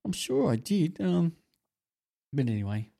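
Casting: middle-aged bloke, rambling, loose, swears a lot, easygoing podcast chatter. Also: male voice, fairly high pitch, big pitch swings, measured pace, gravelly, warm tone. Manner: rambling, swearing, laughing storyteller. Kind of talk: casual chat.

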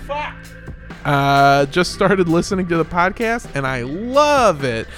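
A man's voice: on the high side, sing-song, takes it slowly, fairly bright tone, soft background music. Laughing, joking male podcast co-host. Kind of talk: casual comedic chat.

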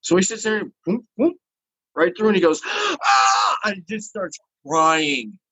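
Husky-voiced man telling a story. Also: high-pitched, moderate pace, no echo, low-quality recording. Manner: animated, acts out the people in his story. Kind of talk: casual storytelling.

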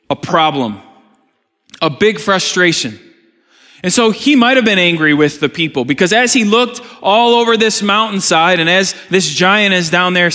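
A man's voice: sits high, pushed and bright. A man preaching a sermon, reading scripture aloud and then explaining it with earnest questions. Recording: reverberant hall.

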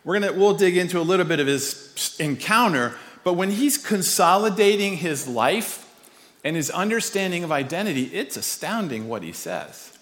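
A man preaching in a casual, storytelling way, his voice sitting a little high for a man. His delivery is animated and self-deprecating. A long reverb trails each phrase, as if he is speaking in a large church hall. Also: moderate pace. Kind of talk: storytelling sermon.

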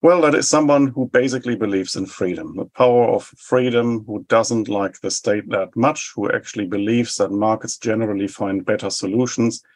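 A man in his forties speaks with a New Zealand accent, in a husky voice that sits a little low. He answers interview questions in a measured, explanatory way, laying out his points one after another. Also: darkish tone. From Germany. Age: 40s. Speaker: think tank head.

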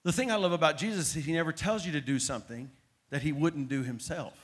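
A man preaching a sermon, moving between hushed passages and loud, dramatic build-ups. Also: fairly high pitch, fast talker, slightly rough. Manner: dramatic, swings from soft to loud.

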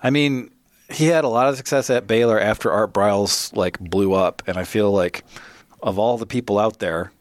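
A man with a lowish voice co-hosting a casual sports podcast, running through scores with wry, dry asides. The sound is dry and close, with no room in it. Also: moderate pace, dry recording. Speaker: podcast co-host.

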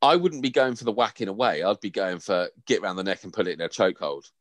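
A man's voice: fairly low pitch, quick pace, dry recording. A man with an English accent co-hosting a podcast in casual, playful, sweary banter. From England. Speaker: podcast co-host. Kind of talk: casual chat.

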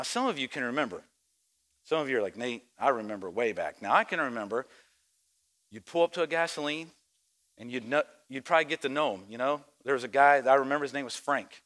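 A young adult man preaching a sermon as pastor, telling a story and acting out quoted lines in a lower, softer voice.

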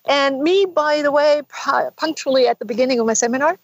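Woman guest telling a story, animated, acts out the dialogue, fairly high voice. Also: brisk, hardly any pauses, no room sound, low-quality recording. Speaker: guest author. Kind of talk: storytelling in an interview.

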